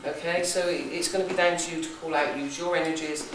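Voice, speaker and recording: A woman's voice: low voice, fairly even intonation, fast, background noise. A woman with a West Country accent hosting a ghost hunt as a psychic, briefing a group in a chatty, jokey way and checking in with "okay?". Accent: West Country English. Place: large echoey room in an old building. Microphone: camera from a distance. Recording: echoey room recorded from far off.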